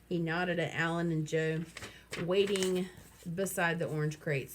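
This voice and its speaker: A woman reading a children's novel aloud, lively and throwing in wry asides. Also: lowish voice, a little slow, slight background noise. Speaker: reader.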